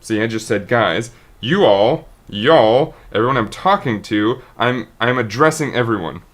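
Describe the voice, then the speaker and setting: A man's voice: medium pitch, a bit bright. A man, a streamer, talking unscripted to his viewers in a rambling, earnest way, often restarting and tripping over his words. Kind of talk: unscripted monologue to camera.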